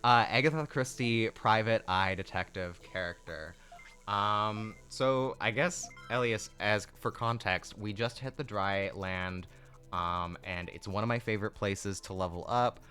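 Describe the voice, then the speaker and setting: A man's voice: fairly low pitch, bright, forceful tone. A man chatting casually and teasing his co-host while they stream a video game together. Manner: joking, teasing, quick asides. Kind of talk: casual gaming chat.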